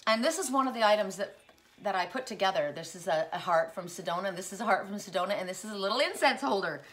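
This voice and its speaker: A woman chatting excitedly as she unboxes gifts in a casual vlog, gushing over each one. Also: medium pitch, fast, a little hiss or hum. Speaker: spiritual vlogger unboxing gifts.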